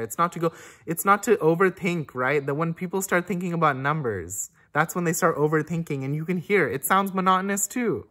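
A woman's voice: low voice, lively intonation, fairly quick, fairly bright tone. A woman teaching music in a casual, rambling way, reflecting aloud and humming phrases on syllables to show how they should flow. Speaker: oboe teacher. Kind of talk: casual spoken music lesson.

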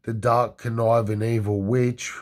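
A man's voice: mid-range voice, level tone, unhurried, darkish tone, lightly acted. A man doing Carlos, a scheming rich older man.

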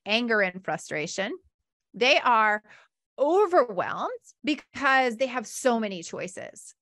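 A woman coach talks through her podcast in an easy, chatty teaching style. Her voice sits at an ordinary middle pitch. She is recorded close up on a mic in a dead, dry space. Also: dry recording. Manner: chatty and expressive, often asking "right?". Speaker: business coach and podcast host.

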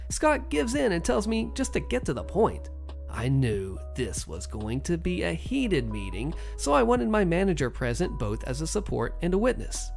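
A narrator telling a first-person workplace revenge story in a sardonic, animated way. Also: mid-range voice, gravelly.

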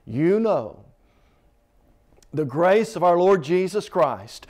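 A man's voice: sits high, big pitch swings, slow, pauses often, a little mellow. A man preaching a televised sermon, reading scripture with impassioned, swelling emphasis and calling the listener "friend.".

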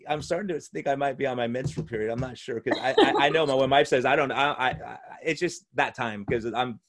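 A man's voice: mid-range voice, fast talker, fairly bright tone. A male physician and podcast host in casual conversation at home, enthusiastic and rambling, often restarting his sentences. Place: room at home.

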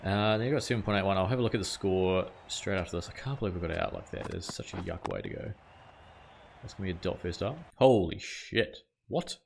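A man's voice: sits low, sing-song, quick pace, gravelly, background noise. A man hosting his gaming channel, casually talking through his play, reading out scores and swearing or exclaiming at big moments. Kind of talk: casual video game commentary.

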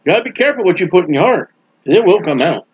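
A man preaching a sermon in a folksy, animated way, acting out the voices of people he quotes. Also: high-pitched, racing, slightly rough, muffled recording. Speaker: street preacher.

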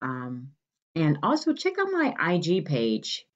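A woman from Detroit who hosts a podcast, telling a casual story and acting out quotes in a lively voice. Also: takes it slowly, dull audio. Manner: animated, acts out quotes in a lively higher voice. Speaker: podcast host.

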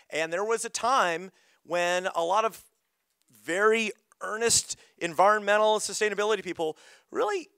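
A man's voice: high voice, a bit bright, no room sound. A middle-aged man leading an interactive climate workshop, calling on audience members while losing his voice. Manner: engaging, calls on audience members.

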